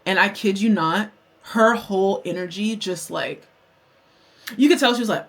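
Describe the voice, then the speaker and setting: A woman's voice: medium pitch, normal speed. Candid, profane young woman vlogger. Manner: candid, profane, animated storytelling. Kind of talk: storytime while doing makeup.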